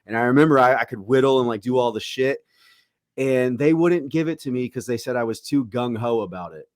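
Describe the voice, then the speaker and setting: A man hosting a podcast, telling stories in a loose, profane, animated way and acting out the people in them. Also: medium pitch, fairly quick, no room sound, studio quality. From Tampa, Florida. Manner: profane, animated storytelling with acted quotes. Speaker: podcast host. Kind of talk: casual storytelling chat.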